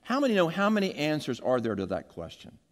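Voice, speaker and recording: A man preaching a sermon as pastor, animated, acting out quoted lines and leading the congregation in call-and-repeat. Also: fast talker. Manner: animated, acts out quotes with big pitch jumps, has congregation repeat lines.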